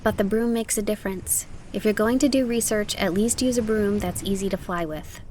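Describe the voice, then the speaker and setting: A woman's voice: mid-range voice, a little fast, slight background noise, pitched above the performer's own voice, close to an everyday voice. A woman reading as Kiki, a proud young witch girl. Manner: lively, emphatic and expressive. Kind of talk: audiobook character voice.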